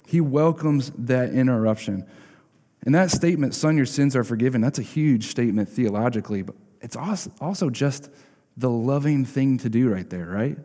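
A male pastor preaches at medium pitch and a moderate pace, his voice dark and mellow. He keeps it relaxed and conversational, often checking in with "right?", while a long church-sanctuary reverb trails each phrase.

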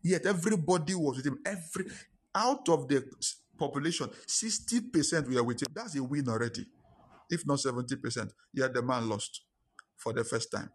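A man preaching a sermon, emphatic and repetitive, dropping his voice low for dramatic points. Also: a little fast, breathy edge. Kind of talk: sermon with storytelling.

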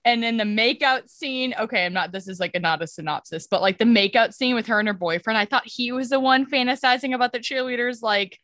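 A woman's voice: a little high, quick pace, few pauses, a bit bright, no room sound, studio quality. A young adult woman co-hosting a casual podcast, rambling through a plot summary with many fillers and restarts. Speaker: podcast co-host. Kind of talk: casual chat.

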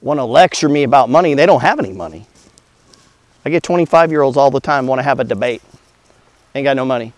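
A man's voice: medium pitch, expressive, fast talker, pauses often, dry recording. A man giving a blunt, profane motivational talk about money, full of rhetorical questions. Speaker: host.

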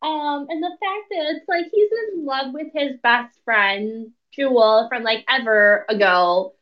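A woman chatting casually about a book on a podcast, animated and quick to laugh. Her voice sits fairly high. She sounds a bit distant from the mic, with a dull, lo-fi tone. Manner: animated, laughs often, acts out characters' lines. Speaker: podcast co-host. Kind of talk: casual book review chat.

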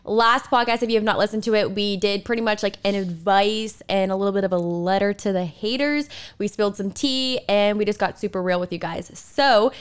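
A woman's voice: mid-range voice, steady tone, a little fast, hardly any pauses, smooth. Young woman, podcast co-host, bubbly, giggly, gossipy chat. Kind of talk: casual chat.

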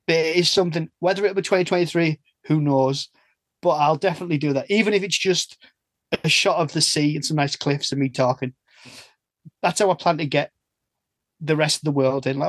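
A man's voice: on the high side, normal speed, dry recording. An English man in casual podcast chat, rambling and cutting himself off mid-sentence. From England. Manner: chatty, rambling, self-interrupting. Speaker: podcast host.

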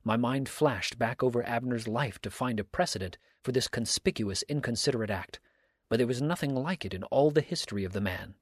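A man narrating a first-person story aloud in a steady, earnest reading style. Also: medium pitch, fairly quick, dry recording, studio quality. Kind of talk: audiobook reading.

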